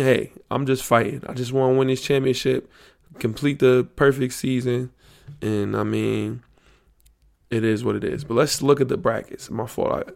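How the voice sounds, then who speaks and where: A man's voice: medium pitch, vocal fry. A man hosting a solo podcast, riffing loosely and profanely on sports slang while thinking aloud. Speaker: podcast host. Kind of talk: casual solo podcast talk.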